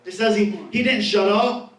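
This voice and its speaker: Man, pastor, high voice, emphatic sermon, repeats key phrases, echoey church, distant mic. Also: fairly even intonation, moderate pace, a bit bright. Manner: emphatic, repeats key phrases, reads scripture then preaches.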